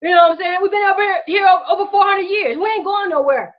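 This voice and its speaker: Very high-pitched and fast, this woman rants on her own vlog over lo-fi audio. Her street-talk tirade is profane, repetitive and impassioned, full of raw emotion as she fights back tears.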